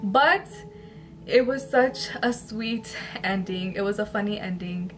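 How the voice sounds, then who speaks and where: Woman host, mid-pitch, reads submitted spooky stories with emotional chatty asides, soft music under her. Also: takes it slowly. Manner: emotional, tearful laughter between readings. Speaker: YouTuber reading viewer-sent stories. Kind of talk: reading emails aloud with chatty asides. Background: soft background music.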